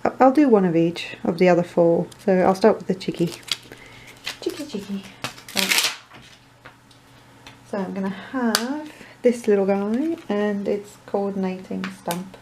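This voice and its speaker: A woman's voice: mid-range voice, unhurried, noisy background. A woman chatting her way through a card-making tutorial, rambling with self-deprecating asides and muttering to herself. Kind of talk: crafting tutorial chat.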